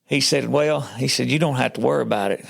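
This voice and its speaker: Gravelly man telling his story. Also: medium pitch, fast. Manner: folksy storyteller who acts out the other people's lines. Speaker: podcast guest. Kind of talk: telling his faith story in casual chat.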